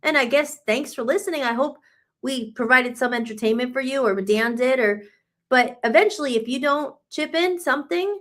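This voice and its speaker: A woman's voice: high-pitched, moderate pace, fairly bright tone. A woman co-hosting a live talk radio show, speaking with emphatic, sarcastic, profane frustration. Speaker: radio co-host. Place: radio studio.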